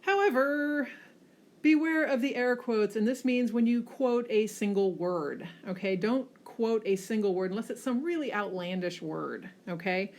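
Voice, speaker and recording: A woman teacher giving a classroom lecture over slides, often checking in with a quick "okay?" and pushing hard on key words. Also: a little high. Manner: frequent checking "okay?" tags, lively emphasis.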